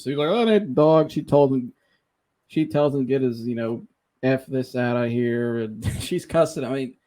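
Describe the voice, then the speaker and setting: A man hosting a podcast, telling a funny story in a casual, animated way, laughing often and mimicking the people he quotes. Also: mid-range voice. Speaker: podcast host.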